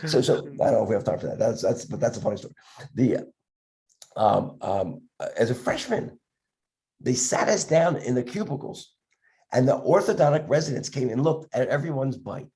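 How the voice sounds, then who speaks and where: An older man from the Philadelphia area, a dentist appearing as a podcast guest, tells stories while coughing from a respiratory illness. His mid-range voice has a dark tone, and he's very animated, acting out the voices in his anecdotes with halting restarts.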